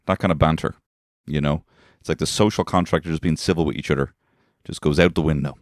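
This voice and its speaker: An Irish man in his thirties, a comedian hosting a podcast from his shed, rambling and swearing while high on weed. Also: fast, no room sound, studio quality. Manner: rambling, swearing, laughing at his own jokes. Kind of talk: rambling comic monologue. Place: garden shed.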